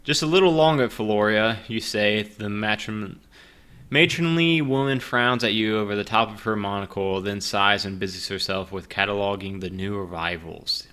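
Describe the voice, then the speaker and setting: Game master, male, low-ish bright voice, casual and rambling, self-deprecating, drinking a bit. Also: steady tone, normal speed, smooth. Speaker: game master playing a solo gamebook. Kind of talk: casual chat and reading game narration.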